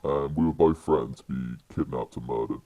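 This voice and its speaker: A young man with a British accent and an extremely deep voice tells a story on a podcast. His tone is dark and mellow, and his telling rambles along with many fillers and restarts. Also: brisk, no echo, muffled recording. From United Kingdom. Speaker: podcast guest. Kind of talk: casual storytelling.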